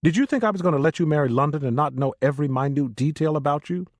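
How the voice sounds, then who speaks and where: A man voicing a confident older male crime-family boss in an audiobook, calm and self-assured. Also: on the high side, fast, dry recording, voice pushed up, natural voice.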